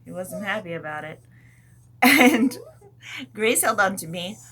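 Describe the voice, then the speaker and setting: A woman teacher telling a story to young children in a gentle, animated way, adding sound effects as she goes. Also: mid-range voice, measured pace, slight background noise.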